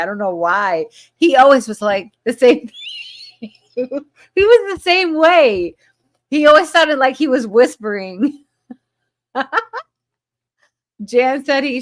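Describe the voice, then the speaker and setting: A woman hosting a casual live chat, reading viewer comments aloud and laughing often between remarks. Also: fairly high pitch. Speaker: livestream host.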